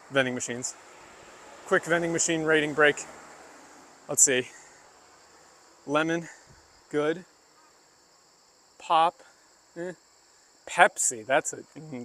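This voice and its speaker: A man's voice: on the high side, takes it slowly, long pauses, pushed and bright, slight background noise. A man casually live-streaming while walking outdoors, chatting loosely with many fillers and asides as he explains things to his chat. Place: outdoors on a rural walk.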